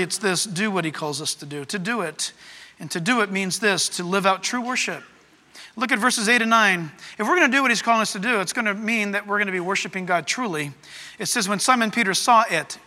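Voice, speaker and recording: A man preaching a sermon as pastor, animated, swinging between soft, low asides and loud, emphatic passages. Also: long reverb tail.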